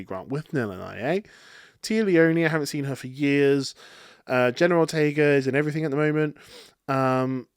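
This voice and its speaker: A man's voice: on the high side, no echo, studio quality. A man hosting a casual solo film review podcast, rambling and chatty with many fillers and restarts. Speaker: podcast host reviewing films.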